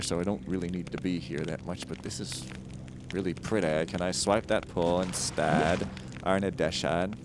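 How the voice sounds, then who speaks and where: A lower-voiced man chats his way through a video game, rambling from one joke to the next and dropping into silly voices. Game music plays clearly beneath his talk. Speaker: game streamer. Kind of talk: casual let's-play commentary.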